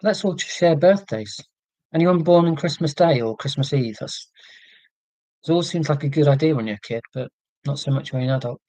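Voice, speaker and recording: Brisk and on the high side, this Englishman's darkish voice carries a received pronunciation accent as he hosts a casual livestream. He chats with viewers, answering live chat with frequent ums, and his computer mic yields a rough recording without room sound.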